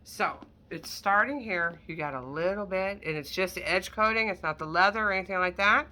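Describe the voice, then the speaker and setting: Her voice sits in the mid range, quick and sharp in tone. She's a woman who resells handbags online, walking through her stock in a laid-back vlog with frank chatter and self-mocking remarks.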